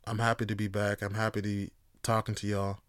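A man's smooth, resonant voice in a dry, close recording. He rambles through a casual solo podcast, swearing freely and leaning on filler words. When something gets him going, he turns loud and animated. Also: fairly low pitch, quick pace, dry recording. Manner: loose, rambling and profane, with lots of fillers. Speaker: podcast host.

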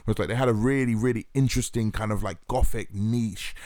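Sweary animated man. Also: lowish voice, fast talker, dry recording, clean studio sound. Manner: animated, swearing, mocking impressions. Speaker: podcast co-host. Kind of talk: casual chat.

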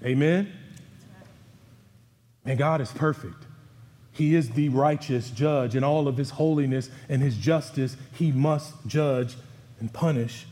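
A man's voice: slow pace, long pauses, warm tone. Emphatic male preacher in a reverberant hall. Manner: emphatic preaching, voice dropping low on key words. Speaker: pastor. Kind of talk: sermon. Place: church sanctuary.

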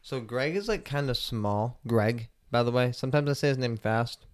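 A young man hosting a casual podcast, rambling and swearing a lot, stoned and relaxed, with lots of filler words. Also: medium pitch, moderate pace. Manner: rambling, profane, laid-back, lots of "like" fillers. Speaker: podcast host. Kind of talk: casual solo podcast chat.

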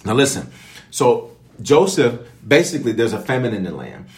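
A man preaching as a bishop, mid-pitched and emphatic, driving his points home with repeated phrases and prophetic declarations. He speaks directly to his online viewers. The voice rings out in an echoey room. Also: wildly swooping pitch, normal speed, a little mellow. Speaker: bishop leading online prayer. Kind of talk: preaching prayer and Bible teaching.

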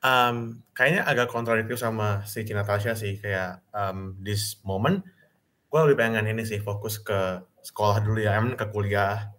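A young man with an Indonesian accent speaks as a guest on a casual talk. His voice sits fairly low, and he talks in a hesitant, thoughtful way. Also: steady tone, a little fast, fairly bright tone. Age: young adult. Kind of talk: casual chat.

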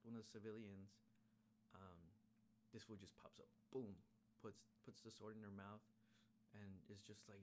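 A man's voice: lowish voice, level tone, moderate pace, pauses often, darkish tone, slight background noise. A man hosting a podcast, recapping an episode in laid-back, rambling slang with a lot of swearing. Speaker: podcast host. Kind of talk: casual chat recapping an episode.

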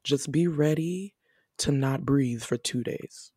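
A woman chatting casually on a podcast, an animated storyteller who acts out her own reactions. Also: rumbling low, slow pace, breathy edge, dry recording, studio quality. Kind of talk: casual chat.

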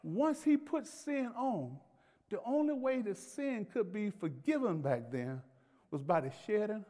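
A man's voice: sits high, very animated, a little slow, dark tone. A man preaching a sermon as pastor, in a folksy, conversational way with laughter and acted-out pleading. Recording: long hall reverb.

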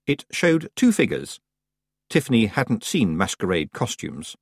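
Husky, expressive male audiobook narrator. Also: fairly low pitch, a little slow, no echo, clean studio sound. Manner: expressive storytelling reading. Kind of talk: scripted narration.

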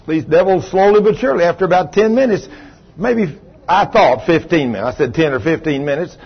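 A man, a pastor preaching a sermon, telling a story in a low voice and then rising loud and emphatic. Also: animated, brisk, breathy edge, muffled recording. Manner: swings from low quiet telling to loud raised retelling. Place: church sanctuary.

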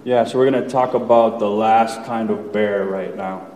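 A man in his thirties telling his personal testimony to a church congregation, candid and conversational, with fillers and soft laughs. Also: fairly low pitch, steady tone, moderate pace, background noise. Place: church sanctuary. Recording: echoey hall, voice from far off.

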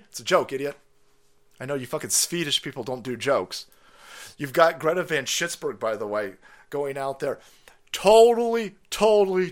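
A man hosting a livestream, ranting loudly with sarcasm, constant cursing and frequent laughter. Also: on the high side. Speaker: livestream host. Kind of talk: profane ranting commentary.

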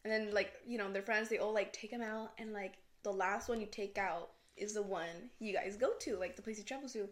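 A woman's voice: mid-range voice, a little fast. A young woman co-hosting a podcast in casual chat, giggly and full of "like" and "you know.". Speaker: podcast co-host. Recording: roomy echo.

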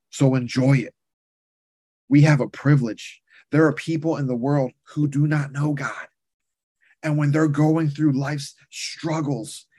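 A man's voice: medium pitch, a little mellow, slightly rough, no room sound, clean studio sound. A man preaching a sermon and leading a prayer, passionate, with rising and falling emphasis, speaking to his listeners as brothers and sisters.

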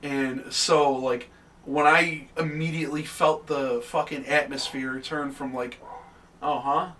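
A young man co-hosting a podcast, telling a ghost story in animated, swear-heavy casual chat. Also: medium pitch, unhurried. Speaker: podcast co-host. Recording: distant mic with faint background noise.

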